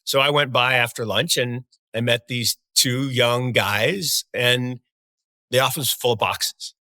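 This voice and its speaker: A man's voice: medium pitch, unhurried, dry recording. A man co-hosting a podcast, talking casually and enthusiastically about markets and telling stories. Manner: enthusiastic, animated storyteller. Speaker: podcast co-host.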